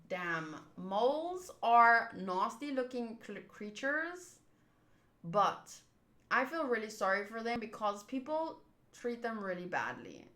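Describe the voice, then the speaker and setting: A woman's voice: on the high side, sing-song, slow pace, a bit bright. A young woman hosting a casual manga readthrough, chatty and self-mocking. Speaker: manga reader, channel host.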